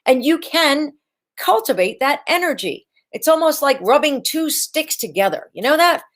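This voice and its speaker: A woman hosting a live-stream coaching session, talking in an energetic, chatty way and repeating her key words. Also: high voice, normal speed. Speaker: video coach hosting a livestream.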